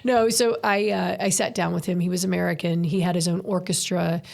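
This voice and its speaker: A woman's voice: on the low side, brisk, creaky. A middle-aged woman from New York, a podcast guest telling stories in casual chat, swearing freely and acting out what people said. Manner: swears freely, animated storyteller acting out quotes.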